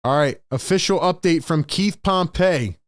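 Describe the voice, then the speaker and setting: A man hosting a live play-by-play reaction stream. He swings between hyped shouting and frustrated muttering and repeats lines for emphasis. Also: a little high, moderate pace, no room sound, clean studio sound. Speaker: sports stream host.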